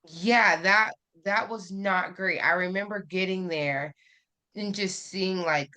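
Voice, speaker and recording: Speaking slowly at a medium pitch, a woman uses a bright, forceful tone. She is a guest on a podcast, chatting casually and sharing a personal story candidly, with many fillers along the way.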